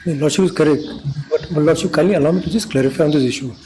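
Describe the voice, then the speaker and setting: A man, a government lawyer making halting, deferential submissions in court. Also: fairly high pitch, mellow, slight background noise, low-quality recording. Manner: deferential, halting, repeats "Lordship". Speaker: government counsel.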